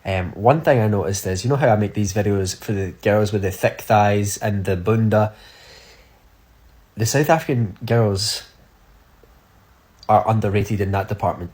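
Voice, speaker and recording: A man's voice: fairly low pitch, moderate pace, long pauses, darkish tone. A man talking enthusiastically and with emphasis in a casual social media video.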